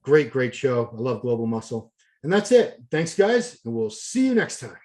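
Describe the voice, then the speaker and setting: A man's voice: mid-range voice, very animated, moderate pace, creaky, a little mellow. A man hosting a bodybuilding preview, chatty and jokey as he rambles through a schedule and wraps up the show. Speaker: host. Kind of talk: casual show wrap-up.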